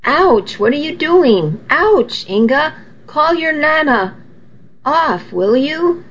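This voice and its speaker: A woman's voice: fairly high pitch, animated, takes it slowly, voice pushed up. A woman voicing a flustered young man who yelps and talks politely, on a dull lo-fi recording. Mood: pained.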